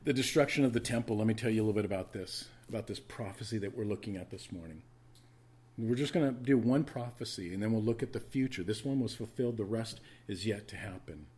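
A man's voice: fairly low pitch, fast talker, a little mellow, husky. Emphatic male preacher teaching scripture. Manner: emphatic teaching, repeats key words for stress, asks listeners to take notes; conversational asides with fillers. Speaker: pastor. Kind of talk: sermon.

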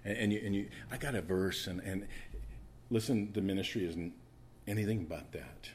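A man preaching a sermon, swinging between loud emphatic stretches and hushed asides, repeating words for emphasis. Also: lowish voice, moderate pace, slight background noise.

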